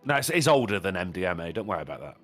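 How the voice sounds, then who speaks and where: A British man cracking mocking, profane jokes in loose podcast banter. His voice is bright and swings wildly up and down, with faint music underneath. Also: low voice, sing-song, rapid-fire. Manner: blunt, sweary, mocking. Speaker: podcast co-host. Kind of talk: casual banter.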